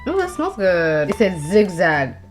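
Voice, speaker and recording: A young woman vlogging as she builds something by hand, chatting to herself and her viewers in a casual, animated way. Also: fairly low pitch, a little slow, faint music behind. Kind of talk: casual chat while crafting.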